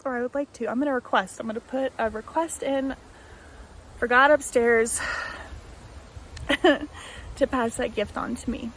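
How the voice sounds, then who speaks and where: A young American woman vlogging, speaking an emotional tribute to her grandmother, halting often with fillers and restarts. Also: on the high side, fairly even intonation, slight background noise, low-quality recording. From United States. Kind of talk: heartfelt tribute and vlog narration.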